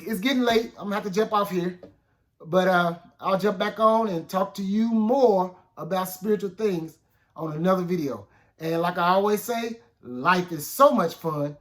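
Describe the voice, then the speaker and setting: A man delivers a casual, talk-style sermon in a notably high-pitched voice. He speaks plainly and directly to his listeners, repeating little check-ins as he makes his points. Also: animated, normal speed. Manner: conversational, repeats "okay?" and "guess what?". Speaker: minister. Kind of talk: informal spoken sermon.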